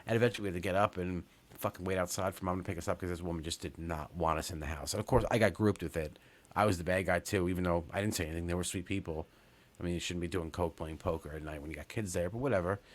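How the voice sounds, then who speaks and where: A New man in his thirties tells a long story on his podcast. His voice sits very low and stays casual. He rambles, restarts his sentences, and swears all the way through. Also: fairly even intonation, racing. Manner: rambling, profane, lots of fillers and restarts. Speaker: podcast host.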